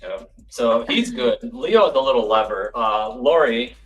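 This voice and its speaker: Laid back guy on a livestream, rambles, repeats himself, mid pitch. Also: expressive, unhurried, fairly bright tone, lo-fi sound. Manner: easygoing, rambling, repeats words. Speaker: stream guest. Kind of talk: casual chat.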